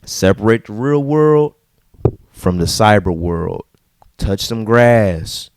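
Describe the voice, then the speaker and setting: A man ranting casually to camera in a vlog, slangy and repetitive, dropping to low mutters and jumping to high outbursts. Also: lively intonation, slow, darkish tone, a little hiss or hum. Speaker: vlogger.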